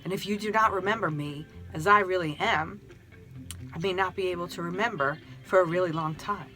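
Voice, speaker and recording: Lady doing a gentle friendly soul, calm and tender, soft music under it. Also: on the low side, a little fast.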